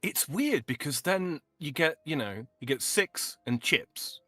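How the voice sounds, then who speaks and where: A man's voice: fairly high pitch, animated, unhurried, pushed and bright, no echo, faint music behind. A man who is a guest on a casual chat stream, explaining how words sound and chuckling often.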